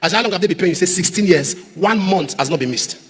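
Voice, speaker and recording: A man preaching a sermon as pastor, repeating refrains and rising to shouts. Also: high-pitched, fast, husky. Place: large church auditorium. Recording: echoey church hall.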